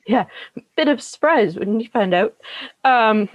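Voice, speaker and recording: A young woman co-hosting a podcast, chatting casually and filling pauses with ums and likes. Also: fairly high pitch, animated, no room sound, lo-fi sound. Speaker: podcast co-host. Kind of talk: casual chat.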